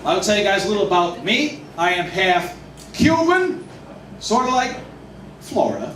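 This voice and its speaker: Animated, high-voiced male stand-up comic. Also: moderate pace. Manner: animated, self-deprecating delivery. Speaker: stand-up comedian. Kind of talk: stand-up comedy set. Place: restaurant, indoors. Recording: echoey room, distant mic, noisy.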